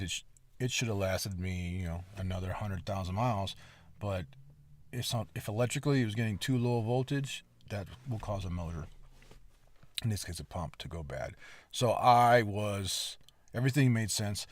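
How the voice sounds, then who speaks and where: A man with a fairly low voice hosts a podcast, speaking at normal speed as he tells a long story. His retelling is casual and rambling yet lively and emphatic, packed with swearing and forceful asides.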